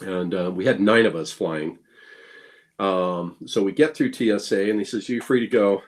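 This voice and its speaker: This guest blacksmith's voice sits low and moves at normal speed as he chats casually through anecdotes. Playful and full of fillers and restarts, he acts out the quoted lines in his stories.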